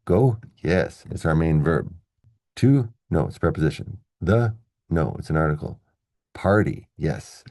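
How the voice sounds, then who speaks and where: A man's voice: extremely low pitch, lively intonation, a little slow, darkish tone, no echo, clean studio sound. A man teaching English pronunciation, patiently explaining a lesson and spelling out each word in turn.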